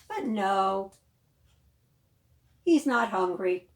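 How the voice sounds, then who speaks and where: A woman librarian leading a children's storytime, reading a picture book aloud with animated questions to the young listeners. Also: mid-range voice, takes it slowly, pauses often. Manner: animated, questions to the children, gasps and sing-song.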